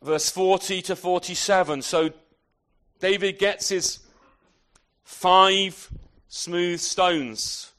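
A man's voice: sits high, fairly even intonation, extremely slow, fairly bright tone, smooth. A man preaching an expository sermon in a conversational way, often turning his points into tag questions and adding self-deprecating asides.

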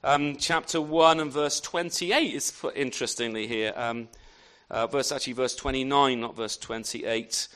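A man's voice: medium pitch, normal speed, hardly any pauses, a bit bright, clean tone. A man preaching a sermon in an unscripted way, often restarting phrases and asking rhetorical questions.

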